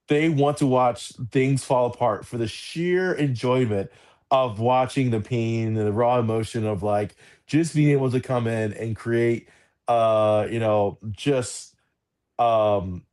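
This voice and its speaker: A man's voice: medium pitch, darkish tone. A man co-hosting a casual podcast chat, talking in a rambling way full of filler words. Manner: rambling, heavy use of fillers like "like" and "you know". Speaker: podcast co-host.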